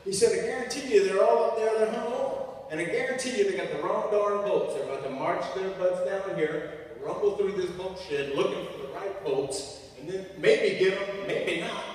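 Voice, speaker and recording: A brash, folksy redneck foreman barks orders in a high, loud holler, as a speaker puts him on mid-story. The voice booms through a big echoey hall, heard from well back from the mic. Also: normal speed, few pauses, recorded from a distance, natural voice. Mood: griping. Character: brash redneck iron-worker boss, middle-aged man.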